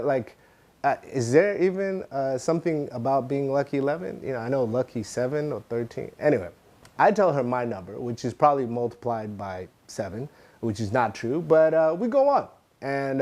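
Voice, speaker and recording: A man's voice: medium pitch, darkish tone. Male comic, mid-range voice, loose rambling stand-up storyteller. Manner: rambling, halting delivery with frequent restarts. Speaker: stand-up comedian.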